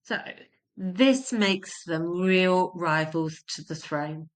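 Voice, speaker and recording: A woman's voice: fairly low pitch, slow. Woman teaching history, explains things plain and repeats stuff for emphasis. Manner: explains words simply, emphatic repetition.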